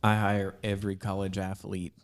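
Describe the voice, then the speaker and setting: Guy with a lowish voice, sincere, thanking his old coaches on a podcast. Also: completely flat delivery, moderate pace, clean tone. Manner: earnest, laughs along, heartfelt thanks. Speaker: podcast guest, former college athlete. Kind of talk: casual podcast chat.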